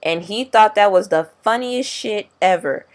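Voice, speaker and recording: A man's voice: high voice, a little slow. A young man vlogging casually, rambling in slangy, profane talk. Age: young adult. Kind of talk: casual video diary.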